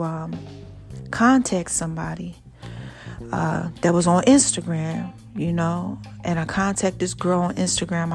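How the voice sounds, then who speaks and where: Expressive woman podcaster telling her story. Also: fairly low pitch. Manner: expressive, conversational, addresses listeners directly as y'all and baby. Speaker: podcast host. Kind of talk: personal storytelling to listeners.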